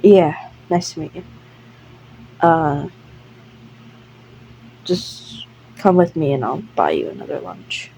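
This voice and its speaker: Lady doing a chill teen guy, kinda breathy, mumbly and slow, warm soft voice. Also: deep voice, very animated, a little hiss or hum, voice pushed down, full character voice, rough recording. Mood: friendly. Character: laid-back teenage boy obsessed with pineapple.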